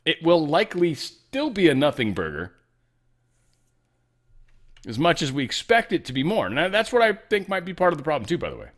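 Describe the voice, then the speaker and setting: A man hosting a news commentary show, in animated, jokey talk that swings between loud remarks and soft asides. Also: a little high, brisk, long pauses. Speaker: show host.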